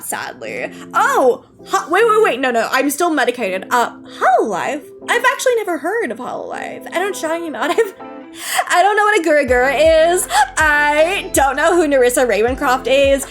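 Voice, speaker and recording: A young woman streaming, chatting casually and reading chat, giggly and bubbly, jumping between squeals and low mumbles. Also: sing-song, normal speed, a bit bright, soft background music. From United States. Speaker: VTuber streamer.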